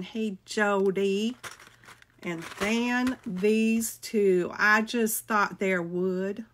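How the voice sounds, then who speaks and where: A woman's voice: mid-range voice, a bit bright, a little hiss or hum. A middle-aged woman, chatting casually with viewers as she shows off a craft haul, gushing and greeting people by name. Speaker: crafting video host.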